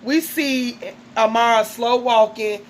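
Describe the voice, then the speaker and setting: A woman with a fairly high voice runs through a TV episode in casual, gossipy chat. She is full of fillers and asides. A faint background hum sits under her voice. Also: steady tone, slow pace, rough recording. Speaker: reality TV recapper.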